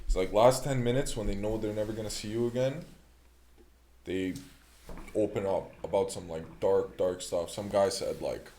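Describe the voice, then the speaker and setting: Relaxed young man, lowish voice. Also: normal speed, slight background noise. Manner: relaxed storyteller, slangy. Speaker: podcast guest. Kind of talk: casual chat.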